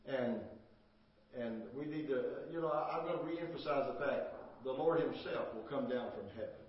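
A man's voice: medium pitch, moderate pace. An older man preaching a sermon as pastor, emphatic and repetitive, asking "amen?" as he goes. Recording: echoey, distant, dull church recording.

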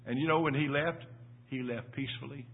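A man's voice: mid-range voice, fairly even intonation, brisk, vocal fry, slightly rough. An older man preaching a sermon in a folksy storytelling way, repeating his words as he goes. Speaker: pastor. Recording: tinny phone-like sound.

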